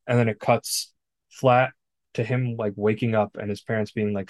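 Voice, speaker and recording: A man's voice: fairly low pitch, level tone, normal speed, darkish tone, no echo. A man co-hosting a podcast, recapping a film in casual chat, blunt and profane. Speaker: podcast co-host. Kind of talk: casual movie discussion.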